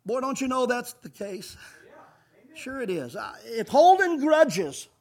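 A man preaching a sermon with passion, shifting between hushed low stretches and shouted rebukes. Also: sing-song, slow pace. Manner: impassioned, swings from hushed to shouting.

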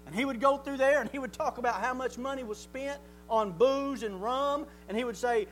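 A man's voice: very high-pitched, normal speed, few pauses, a little hiss or hum. A man preaching a sermon in a folksy way, asking rhetorical questions and chuckling often.

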